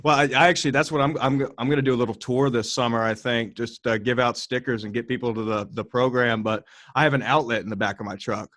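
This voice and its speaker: A man runs a casual podcast in an easygoing way. His pitch sits in the middle range. His jokes come out dry and deadpan. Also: quick pace, few pauses. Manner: laid-back, deadpan joking. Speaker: podcast host.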